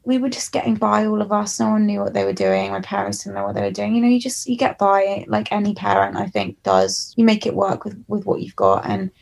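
Brief: young English woman, musician guest, candid and reflective, a slight gravel in the voice. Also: medium pitch, lively intonation, fairly quick, hardly any pauses, darkish tone. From England. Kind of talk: candid storytelling interview.

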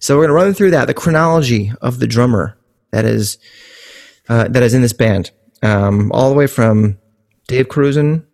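A man's voice: medium pitch, normal speed, gravelly, a little mellow. A man co-hosting a music podcast, chatting casually with jokey asides and rambling tangents. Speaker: podcast co-host.

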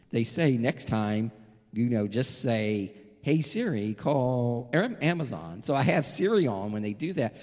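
A man's voice: mid-range voice, mellow, long reverb tail. A man co-hosting a podcast, telling an anecdote casually, swearing and laughing. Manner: laid-back, swearing, laughing a lot. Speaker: podcast co-host. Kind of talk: casual chat.

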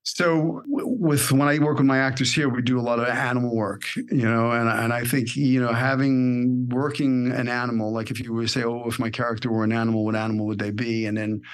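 A man's voice: medium pitch, flat delivery, a little fast, hardly any pauses. Earnest man interviewing, acting coach. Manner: earnest, emphatic about craft. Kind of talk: interview questions and commentary.

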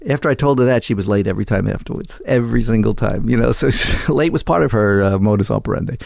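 A man's voice: on the low side, quick pace, vocal fry, darkish tone, dry recording, studio quality. A man telling a long anecdote in an interview, acting out quoted lines in other voices. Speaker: interview guest. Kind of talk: conversational storytelling.

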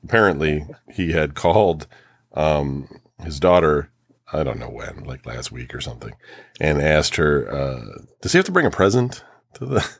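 A man's voice: very deep voice, moderate pace, no room sound, clean studio sound. A middle-aged man co-hosting a podcast, telling stories in casual chat, swearing and laughing often. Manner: animated storyteller, swears, laughs a lot. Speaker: podcast co-host.

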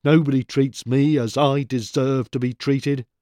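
A man's voice: medium pitch, steady tone, measured pace, warm tone, no room sound, studio quality, pitched above the performer's own voice, lightly acted. A man doing a sulky, sneering young squirrel. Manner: grumbling, sneering.

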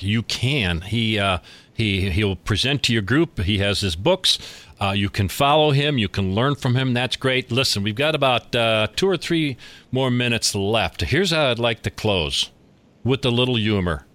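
A man's voice: mid-range voice, expressive, moderate pace, a bit bright, no room sound. A man hosting a business podcast, upbeat and enthusiastic, with frequent affirmations. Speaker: podcast host.

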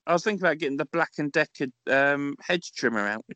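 A man's voice: fairly high pitch, animated, quick pace, pushed and bright, no room sound, dull audio. A man co-hosting a podcast in casual chat, making dry, wry remarks. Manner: dry, wry one-liners. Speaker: podcast co-host.

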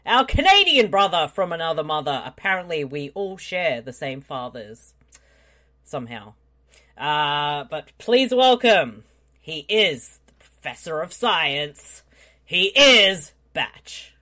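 Animated woman hosting a podcast. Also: low voice, a little slow. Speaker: podcast host. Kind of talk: casual live podcast chat.

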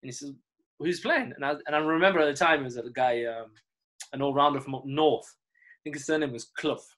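A former cricketer and coach looks back on his playing days in a relaxed, easygoing interview, telling stories casually. His voice sits at an even, middle pitch and he talks fast, taking things at his own pace. He's reflective and acts out the voices of people he quotes.

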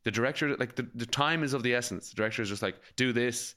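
A podcast co-host from Galway, Ireland, tells a rambling story in casual conversation, packed with fillers and swearing. His medium-pitched voice races along with a bright, forceful tone.

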